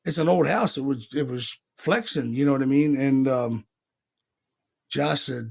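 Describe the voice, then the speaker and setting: A man from Pennsylvania hosting a podcast, telling stories in a casual, animated way, acting out quotes and swearing freely. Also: fairly high pitch, a little fast, vocal fry. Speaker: paranormal podcast host. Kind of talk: casual storytelling chat.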